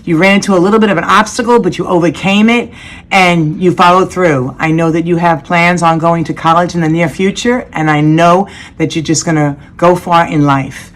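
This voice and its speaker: A woman teacher speaks warmly and sincerely about her students over a video call. Her voice sits on the low side for a woman, and her praise comes from the heart. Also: steady tone, normal speed. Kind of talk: speech to graduates.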